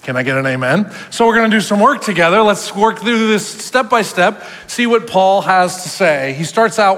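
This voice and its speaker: A man preaching as a pastor, animated and acting out the voices he quotes. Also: high voice, moderate pace, few pauses, in a large hall. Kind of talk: sermon.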